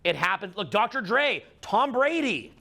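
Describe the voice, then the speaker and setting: A man's voice: sits high, sing-song, measured pace, gravelly, pushed and bright. A middle-aged man giving an emphatic seminar talk to a room, with repeated phrases and many fillers. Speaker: dating coach speaking to a live audience.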